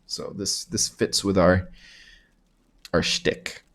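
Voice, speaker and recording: A man's voice: sits low, steady tone, takes it slowly, a bit bright. Man musing over gameplay. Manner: thinks aloud, chuckles, mumbles half-sentences. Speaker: gamer, channel host. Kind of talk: casual gameplay commentary.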